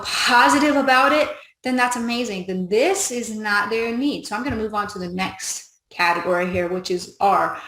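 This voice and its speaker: A woman's voice: fairly high pitch, fairly bright tone. A woman giving an upbeat training talk on recruiting conversations, acting out both sides of a chat as she coaches. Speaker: business trainer. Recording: echoey room.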